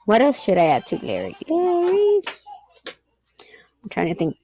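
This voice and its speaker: A woman's voice: on the low side, wildly swooping pitch, fast, dark tone, low-quality recording. A middle-aged woman chatting casually and rambling, often laughing as she tells stories about her son. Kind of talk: casual chat.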